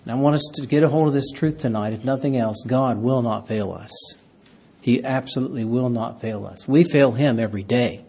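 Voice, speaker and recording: A pastor preaching a sermon, reading scripture aloud and rising loud on key words. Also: male voice, medium pitch, a little fast, breathy edge.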